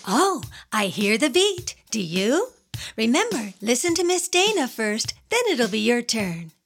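A woman's voice: fairly high pitch, big pitch swings, measured pace, faint music behind. A woman hosting a children's show, talking playfully and encouragingly to young kids in a silly, sing-song way.

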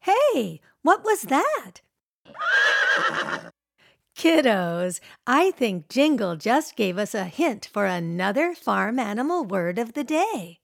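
A woman's voice: fairly high pitch, big pitch swings, takes it slowly, vocal fry, no room sound. A woman hosting a children's radio show, talking playfully to young kids in a sing-song way. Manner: playful, sing-song, teasing guessing games. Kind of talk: cheerful talk to young children.

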